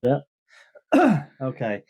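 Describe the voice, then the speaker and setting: A man's voice: extremely slow, dull audio. A man co-hosting a casual podcast, teasing and arguing back in friendly banter. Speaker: podcast co-host. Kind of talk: casual chat.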